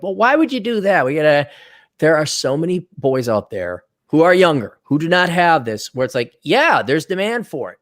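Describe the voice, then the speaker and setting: Animated man ranting blunt advice. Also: medium pitch. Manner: animated, acts out quoted voices, blunt advice. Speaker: podcast host. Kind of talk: casual ranting chat. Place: Twin Cities area, indoors.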